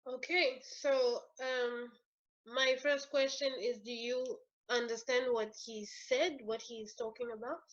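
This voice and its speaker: A woman's voice: a little high, steady tone, slow, dull audio. A woman teaching an English lesson, patiently explaining step by step with fillers. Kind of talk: online language lesson.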